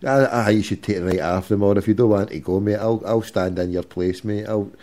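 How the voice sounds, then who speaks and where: A man's voice: fairly low pitch, fairly even intonation, a little fast, dark tone. A man with a Glasgow accent hosting, teasing and swearing in casual banter with a caller. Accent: Scottish, Glasgow. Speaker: host. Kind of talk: casual chat.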